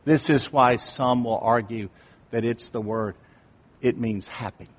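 A male pastor preaching a sermon, swinging from hushed asides to emphatic, rising appeals. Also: mid-range voice, unhurried. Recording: reverberant hall.

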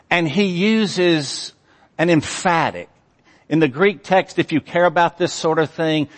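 A man preaching a sermon as pastor, reading scripture and driving his points home with emphatic, measured phrasing. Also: a little high. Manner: slow, emphatic preaching with long pauses and rising intensity. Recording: long hall reverb.

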